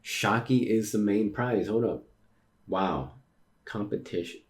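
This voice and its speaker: A man with a slightly low voice reads a comic aloud for his stream and keeps breaking off to react. He is excitable and slangy, quick to exclaim in surprise. It is a casual, chatty reaction read-through. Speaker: streamer reading manga aloud.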